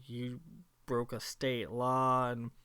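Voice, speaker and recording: Man doing a gruff older surgeon boss, blunt, dismissive, slow. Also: medium pitch, completely flat delivery, bright, forceful tone. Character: stern older male head of surgery.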